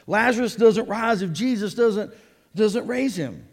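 A man preaching a sermon, animated and joking as he draws the congregation in. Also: sits high, a little slow, husky. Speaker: pastor. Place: church sanctuary. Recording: long reverb of a church hall.

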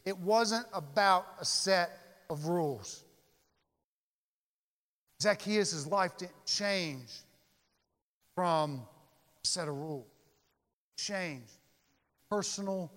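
A man with a high voice preaches a sermon in a church. He drives his points home with dramatic pauses and drawn-out key words. The sound trails off in a long hall reverb. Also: sharp tone. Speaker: pastor.

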